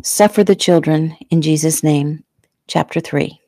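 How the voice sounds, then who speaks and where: A woman's voice: deep voice, unhurried, dry recording. A woman author reading her own novel aloud at home in a casual, unpolished manner. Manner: relaxed, unpolished, clears throat. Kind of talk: casual audiobook narration. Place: home room.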